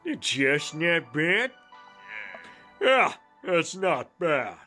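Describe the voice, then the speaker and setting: Very slow, lively man reading dialogue. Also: a little high, soft background music. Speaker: let's play co-host. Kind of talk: reading game dialogue aloud.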